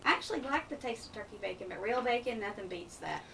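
Young female guest, animated storyteller, sits back from the mic, faint background noise. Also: on the high side, fast talker, gravelly, recorded from a distance, rough recording. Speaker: guest, pageant winner. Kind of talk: casual radio interview.

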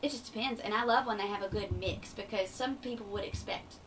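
A young woman with a light Eastern Kentucky accent, speaking earnestly and upbeat as a radio interview guest. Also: mid-range voice. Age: young adult. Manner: earnest, upbeat, quick to laugh. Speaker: pageant titleholder guest. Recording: distant mic with faint background noise.

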